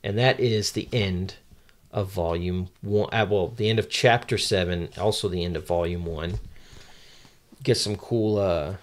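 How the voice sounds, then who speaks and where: A man's voice: deep voice, unhurried. A man co-hosting a podcast, casually recapping a manga chapter and reading character lines aloud with many ums. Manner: reads quotes aloud in a lightly acted voice, many ums and uhs. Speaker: podcast co-host.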